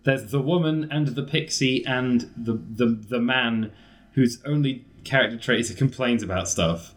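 A man's voice: medium pitch, normal speed. A man co-hosting a casual podcast chat with friends, joking and sarcastic. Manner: jokey, sarcastic, mock-quotes lines in silly voices. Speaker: podcast co-host.

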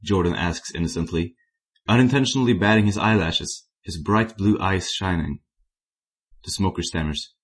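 Man narrating fan fiction, very low voice, plain reading with small slips. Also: moderate pace, breathy edge. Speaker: story reader.

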